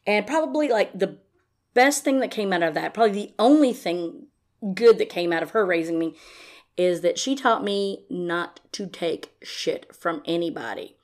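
A woman's voice: mid-range voice, moderate pace, darkish tone. Sarcastic, foul-mouthed woman podcaster. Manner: sarcastic, profane. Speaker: podcast host. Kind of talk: casual recap.

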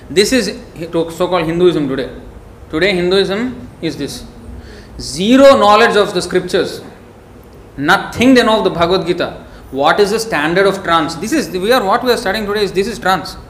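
Man in his own voice preaching a sermon, forceful and scolding in tone, recorded in a reverberant room with light background noise. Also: sits high, fairly quick, hardly any pauses. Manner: emphatic, scolding, storytelling. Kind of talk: devotional sermon.

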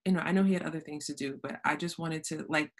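A woman's voice: sits low, fairly even intonation, fast talker. A woman hosting a podcast, telling stories animatedly, acting out quotes and laughing often. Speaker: podcast host. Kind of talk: casual conversational interview.

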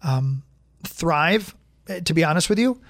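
A male radio host chatting casually and quickly, with lots of fillers and restarts. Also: fairly high pitch, no room sound, studio quality. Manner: fast, animated talker with many fillers and restarts. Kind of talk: casual chat.

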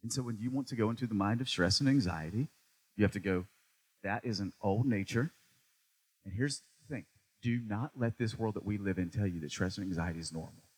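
A man preaching a sermon. He swings between loud, emphatic lines and quiet, low stretches, repeating phrases for emphasis and asking the listener questions. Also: fast, husky, no echo.

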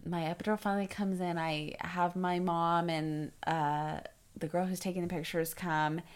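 A woman's voice: on the low side, clear, resonant tone. A young adult woman casually telling a story as a podcast host, filling it with fillers and acted-out quotes. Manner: animated, acts out quoted voices, many fillers.

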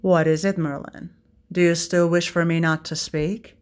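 A woman voicing a young prince who teases and commands in a slightly lowered, dry tone. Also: little pitch movement, moderate pace, a little mellow, close to an everyday voice. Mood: teasing prince.

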